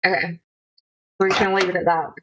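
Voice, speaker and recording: A woman's voice: fairly low pitch, level tone, fast talker, lo-fi sound, noisy background. A young woman streaming from home, chatting in a rambling, self-conscious, jokey way. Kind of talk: casual live-stream chat. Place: home room.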